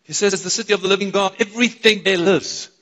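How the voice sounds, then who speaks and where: A South African man preaches a sermon in a church hall, and his fairly high voice rings out with a long reverb. He is excitable and bounces questions off the congregation. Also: quick pace. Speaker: pastor. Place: church auditorium.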